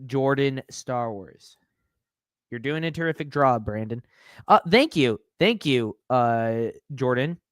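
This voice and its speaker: Streamer, male, higher voice, clean dry mic, mocking chat-reader. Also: fairly bright tone, clear, resonant tone, no room sound. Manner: sarcastic, mocking, reads chat aloud. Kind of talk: live-stream reaction commentary.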